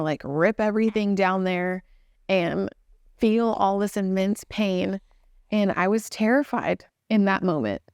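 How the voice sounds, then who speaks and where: A woman's voice: medium pitch, darkish tone, clean tone, no echo, clean studio sound. A young woman with a Texan accent telling her own story in a casual, earnest, chatty way with fillers. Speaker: new mother telling her birth story.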